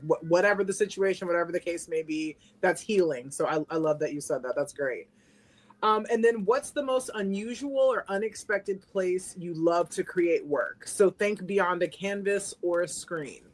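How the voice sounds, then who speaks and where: A woman co-hosting a podcast over a video call, bubbly and expressive, laughing often as she reads out questions. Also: lowish voice, moderate pace. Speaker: podcast co-host. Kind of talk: casual interview chat.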